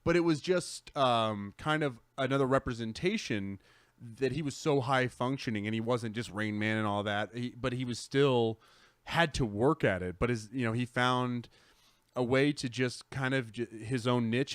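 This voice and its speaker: A man in casual chat on a live gaming show, talking at a middle pitch. He rambles, restarts and circles back on himself with easy enthusiasm. His voice is recorded close and dry. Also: no echo. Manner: rambling, self-correcting, enthusiastic. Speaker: podcast co-host.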